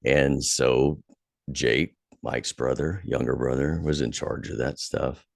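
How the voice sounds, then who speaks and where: A man with an extremely low, gravelly voice tells a rambling story for a podcast, swearing freely. The sound is close and dry. He heats up as he recalls being angry. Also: slow, no echo. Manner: profane, animated when retelling anger. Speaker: podcast host. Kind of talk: casual storytelling chat.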